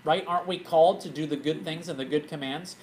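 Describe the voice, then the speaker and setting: Man, pastor, Bible study, church group, higher voice, animated, rhetorical questions. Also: fast talker, low-quality recording.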